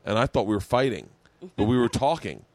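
A man's voice: lowish voice, sing-song, a little fast, a little mellow. A man hosting a podcast, telling stories in casual chat and acting out other people's lines as he goes. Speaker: podcast host.

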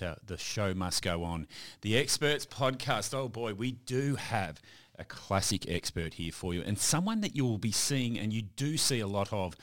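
A man's voice: sits low, fairly bright tone. A man hosting a podcast interview, chatty and prone to restarts. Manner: chatty, stumbling over restarts. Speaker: podcast host. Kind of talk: casual interview.

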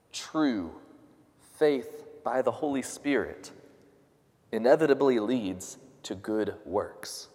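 A pastor preaches a sermon in a lowish, somewhat mellow voice, earnest and questioning, raising his voice whenever he quotes others. The recording has a long reverb tail.

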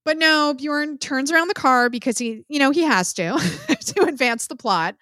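A woman co-hosting a podcast, recapping a film in a casual, profane, lively storytelling way. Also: high voice, moderate pace, dry recording, studio quality. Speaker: podcast co-host.

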